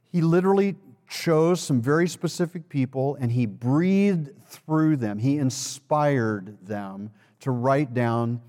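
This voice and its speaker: A man preaching a sermon as a pastor, emphatic, with dramatic pauses and repetition. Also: medium pitch, a little mellow. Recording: long reverb of a large hall.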